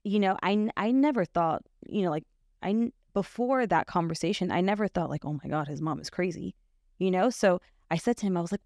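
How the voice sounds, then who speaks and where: Young woman, podcast guest; low, gravelly voice; halting, filler-heavy personal storytelling. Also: darkish tone, no echo, clean studio sound. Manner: halting, full of fillers and restarts. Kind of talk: personal testimony in conversation.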